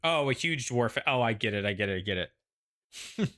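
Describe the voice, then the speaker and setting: Bright-voiced man rambling casually. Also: mid-range voice, expressive, brisk. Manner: rambling, hedging, chatty. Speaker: show host. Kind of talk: casual pre-show chat.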